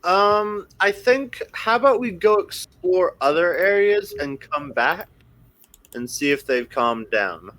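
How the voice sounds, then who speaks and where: A man playing in a tabletop game, hesitant and slow to suggest plans. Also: high-pitched, lively intonation, a bit bright, no room sound. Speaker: player.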